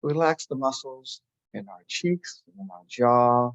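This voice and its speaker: A man guiding a listener through a calm breathing and relaxation meditation, giving slow, soothing instructions. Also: mid-range voice, vocal fry, lo-fi sound. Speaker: meditation guide. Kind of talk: guided meditation.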